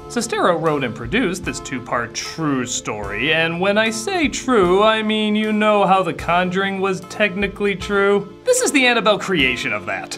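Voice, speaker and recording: A man's voice: high voice, very animated, moderate pace, hardly any pauses, music in the background. Sarcastic, exasperated male film reviewer. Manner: sarcastic, exasperated, bursts into shouting. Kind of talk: comedic review sketch.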